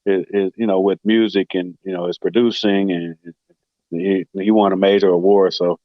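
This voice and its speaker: A man co-hosting a sports talk show in casual chat, relaxed and hesitant with many fillers. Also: sits low, normal speed, dry recording, muffled recording.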